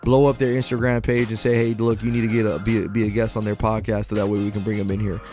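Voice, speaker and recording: A man's voice: lowish voice, level tone, quick pace, a little mellow, soft background music. A man hosting a podcast, speaking in an earnest, motivational, conversational way. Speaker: podcast host. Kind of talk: casual podcast chat.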